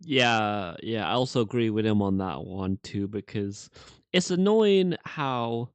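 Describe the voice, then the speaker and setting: A man hosting a casual reaction chat with a sore throat, halting and full of filler words. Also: on the low side, lively intonation, clear, resonant tone, no room sound. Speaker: reaction channel host.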